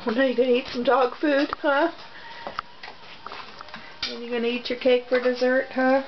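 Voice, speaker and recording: A woman's voice: high voice, flat delivery, normal speed. A woman at home filming her dogs, cooing to them in sing-song baby talk. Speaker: dog owner filming her pets. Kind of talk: home video, talking to pets. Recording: dull lo-fi home video with background noise.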